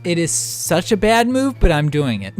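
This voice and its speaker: A man's voice: sits high, sing-song, normal speed, music in the background. A man co-hosting a gameplay video, chatting casually, laughing often and swearing freely. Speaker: let's play co-host.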